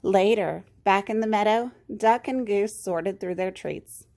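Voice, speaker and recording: A woman reading a children's picture book aloud, gently and expressively. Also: mid-range voice, measured pace, creaky. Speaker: children's story reader.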